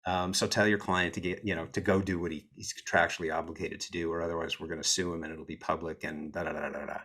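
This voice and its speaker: An American man with a low-pitched voice tells stories in a relaxed interview. He speaks in an animated, self-deprecating way, with a snarky edge. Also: fast talker, husky. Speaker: entertainment attorney guest. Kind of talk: casual interview storytelling.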